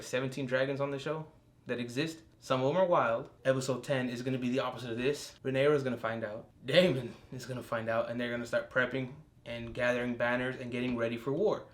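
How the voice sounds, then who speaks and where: A young man giving a casual solo review of a TV episode. He talks in an excitable, profane way, with bursts of enthusiasm. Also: medium pitch. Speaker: TV show reviewer.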